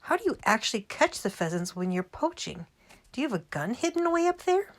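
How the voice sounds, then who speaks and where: A woman's voice: fairly high pitch, very animated, brisk, voice pushed up. A woman voicing a curious young boy, eager and full of questions, in a raised storybook voice.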